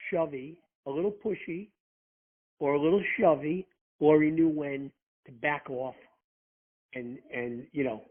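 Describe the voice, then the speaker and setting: A man's voice: fairly high pitch, husky. A man who was a rescue firefighter, telling profane anecdotes in casual chat and acting out the quotes. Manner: profane, animated storyteller who acts out quotes. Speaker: guest, former rescue firefighter. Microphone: phone. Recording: tinny phone line.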